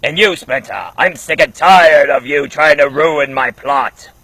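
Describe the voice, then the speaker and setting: A man voicing a boastful, menacing ninja villain who makes loud threats. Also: on the high side, unhurried, husky, full character voice.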